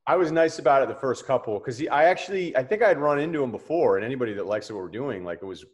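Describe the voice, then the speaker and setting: Guy in his 40s running a talk show, blunt, gets loud when he tells a story. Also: medium pitch, animated, very fast. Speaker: podcast host. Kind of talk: casual chat.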